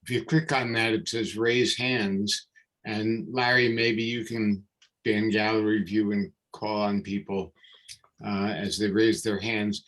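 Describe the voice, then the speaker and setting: An older man hosting a talk series over a video call, unhurried, with fillers as he gives instructions. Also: fairly low pitch, little pitch movement, a bit bright, low-quality recording. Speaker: series host.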